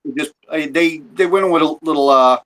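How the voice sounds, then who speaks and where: Rambling, swearing podcast host. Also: male voice, fairly high pitch, fairly quick, a bit bright. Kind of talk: casual chat. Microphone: phone.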